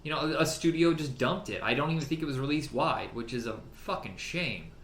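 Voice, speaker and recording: A man in casual conversation about films, lively and profane, quick to laugh. His voice rings in a roomy space, with faint background noise beneath it. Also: a little high. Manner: animated, swears freely, laughs often. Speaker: podcast co-host. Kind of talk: casual film chat.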